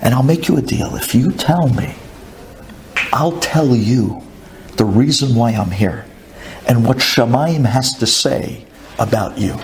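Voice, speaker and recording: A man's voice: medium pitch, a little slow, noisy background, natural voice. A man voicing an earnest male rabbi who coaxes and pleads in a storyteller's retelling. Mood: pleading. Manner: pleading, coaxing.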